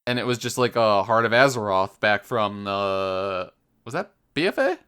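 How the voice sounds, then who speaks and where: A man's voice: on the low side, very animated, moderate pace, a bit bright, clean tone. A man co-hosting a podcast, rambling casually about a video game and filling his talk with "like". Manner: rambling, heavy use of "like". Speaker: podcast co-host. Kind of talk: casual gaming chat.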